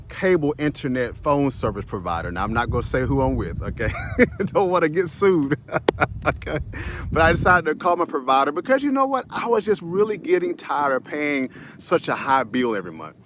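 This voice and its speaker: With a medium-pitched voice and slight background noise, a young adult man runs a short motivational video series and recounts something from his own life. Chatty and animated, he addresses viewers straight on as "y'all" and "guys," laughs frequently, and voices the other people in the story.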